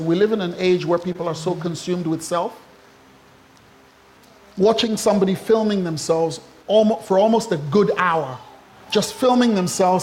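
A man preaching a sermon as a pastor, animated and humorous, with asides to the congregation and acted-out quotes. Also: high voice, slight background noise.

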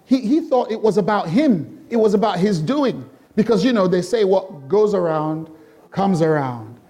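This middle-aged pastor's voice is high-pitched and mellow, with lively intonation, and soft music plays behind him. He questions the congregation rhetorically again and again during his sermon, alternating slow, weighty lines with rapid bursts.

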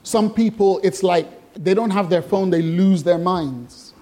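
In a church hall full of worshippers, a man delivers a sermon in a high, slightly mellow voice at a relaxed pace. This pastor is playful and conversational, quizzing the room and poking fun at his listeners.

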